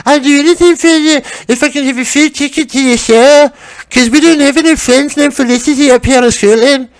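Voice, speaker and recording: A man squeaking as a fawning, pleading young woman. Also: brisk. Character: meek, fawning young woman flyer-hander.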